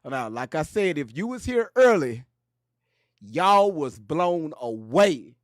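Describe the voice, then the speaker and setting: Man, commentary host, high-pitched, very lively, joking, profane slang, dry close sound. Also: slow, no room sound. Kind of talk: casual commentary.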